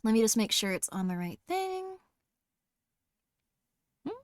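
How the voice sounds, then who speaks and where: A woman's voice: fairly high pitch, very animated, measured pace. A young woman streaming horror games, chatting casually in a bubbly, giggly, rambling way. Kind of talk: casual live-stream chat.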